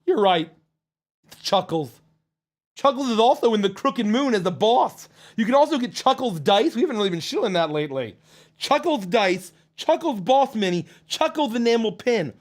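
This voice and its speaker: Male stream host with a high voice, casual and profane, joking through viewer messages. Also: sing-song, moderate pace.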